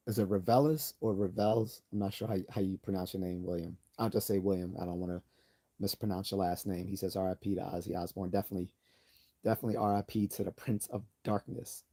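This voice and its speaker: Man, livestream host, low voice, mellow tone, loose rambling chat, frequent self-corrections.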